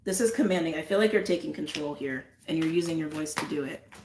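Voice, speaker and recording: Woman, low-ish voice, effusive tarot reader repeating herself, echoey room. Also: fast talker, slight background noise. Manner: effusive, repeats phrases, drifts into soft trailing asides. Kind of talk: intuitive reading to camera, casual chat.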